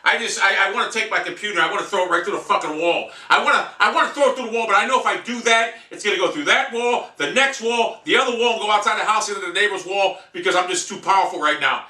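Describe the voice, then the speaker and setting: Speaking fast with barely a pause, this man vents at length as an enraged sports fan, swearing throughout. His high, sharp voice sounds distant from the mic, bouncing around a room in his house.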